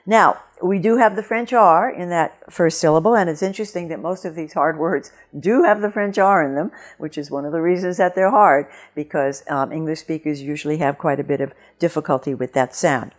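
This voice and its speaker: A woman teaching French pronunciation in a video lesson, clear and deliberate, slowing down to model each sound. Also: low voice.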